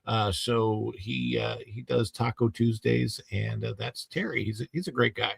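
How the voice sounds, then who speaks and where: Chatty guy hosting a livestream, gravelly voice, dry close sound. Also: mid-range voice, moderate pace, no room sound. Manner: chatty, reading viewer names aloud. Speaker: livestream host. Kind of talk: casual live-stream chat.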